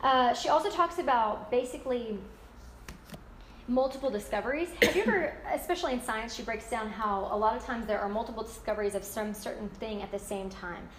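A woman leading a casual group talk about a book, chatty and animated, often acting out quoted voices. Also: fairly high pitch, fairly quick, echoey room, background noise. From United States. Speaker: book discussion leader.

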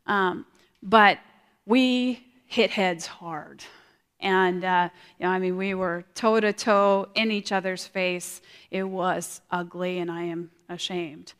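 A woman sharing a personal testimony in a large hall, earnest and halting, often repeating her words. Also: on the low side, fairly even intonation, fairly bright tone, clear, resonant tone. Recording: long hall reverb.

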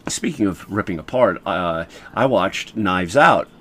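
A man, a podcast co-host, chatting casually in an animated, laughing, rambling way. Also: low voice, unhurried, breathy edge. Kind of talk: casual chat.

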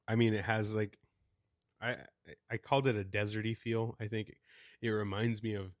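A man's voice: lowish voice, no room sound, studio quality. A young man co-hosting a music podcast, chatting casually, swearing freely and laughing often. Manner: laid-back, swears a lot, laughs often. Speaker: podcast co-host. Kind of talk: casual chat.

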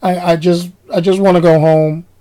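A man voicing a bored male beach chair attendant who drones every word in a flat, weary monotone. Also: high-pitched, moderate pace, lightly acted. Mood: weary pleading.

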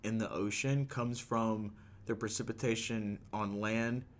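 A man's voice: fairly even intonation, unhurried. A man in his thirties co-hosting a podcast, chatting casually and swearing a lot. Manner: swears a lot, bursts into falsetto song. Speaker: podcast co-host. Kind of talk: casual chat.

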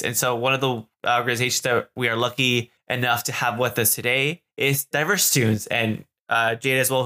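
A male podcast co-host with a bright, clear voice at an ordinary pitch. He talks casually and loosely, full of fillers and quick laughs. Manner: chatty, laughs easily, many fillers. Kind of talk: casual chat.

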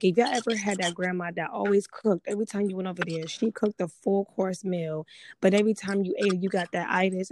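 A woman's voice: mid-range voice, a little mellow, a little hiss or hum. A woman hosting a casual podcast, chatty and repeating herself for emphasis as she talks straight to her listeners. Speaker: podcast host.

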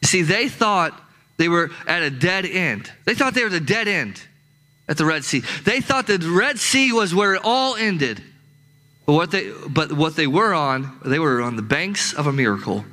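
Bright, high-voiced preaching man. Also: expressive, normal speed, low-quality recording. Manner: emphatic, repetitive preaching. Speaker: pastor. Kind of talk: sermon. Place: church with a live congregation.

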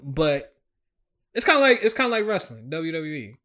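Laughing, lively man in casual chat. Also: fairly high pitch, normal speed. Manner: animated, laughs often, loose slangy talk.

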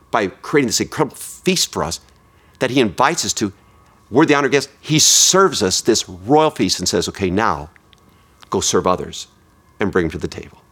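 Animated man preaching a story. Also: slightly rough. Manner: animated, drops low and slow for emphasis. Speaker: pastor. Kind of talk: sermon storytelling.

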